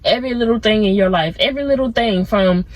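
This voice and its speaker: A woman's voice: mid-range voice, fast, dry recording, rough recording. A young woman vlogging outdoors in a casual motivational chat that keeps wandering off into side thoughts. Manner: rambling, easily sidetracked, laid-back. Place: outdoors among plants.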